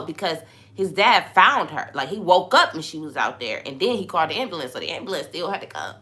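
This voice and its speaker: A young woman hosting a podcast, talking in a relaxed, conversational way about faith and sometimes dropping into a hushed voice when she tells a story. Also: low voice, fast. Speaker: podcast host. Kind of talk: casual spiritual talk.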